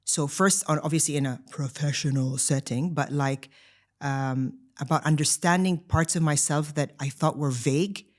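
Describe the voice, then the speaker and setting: A woman in her thirties co-hosting a podcast, telling her own story in casual chat, animated and full of "like" fillers and restarts. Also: sits low, moderate pace. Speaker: podcast co-host.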